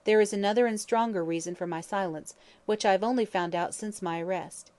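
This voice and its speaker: A woman's voice: mid-range voice, a little fast, a little mellow, no echo, lightly acted. Woman doing a proud imprisoned young man, grave, weary, impassioned, dry close sound. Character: proud, anguished young man in a prison cell. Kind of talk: audiobook character reading.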